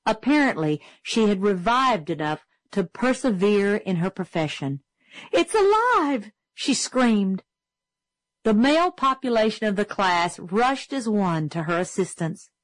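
A woman's voice: medium pitch, moderate pace, few pauses, dry recording, poor audio. Woman narrating a story, dry close sound. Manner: steady, clear, storytelling. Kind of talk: scripted audiobook narration.

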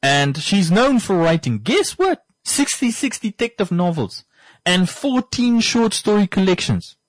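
A man's voice: sits high, sing-song, unhurried, no room sound. A man hosting a casual monologue, rambling and repeating points for emphasis. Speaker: podcast host.

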